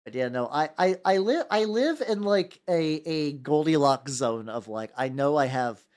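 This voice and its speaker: A man's voice: on the high side, animated, unhurried, a little mellow. Young American man, casual painting-stream host, rambly, stammering restarts. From United States. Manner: rambling, stammers and repeats words, laughs often, jumps between topics.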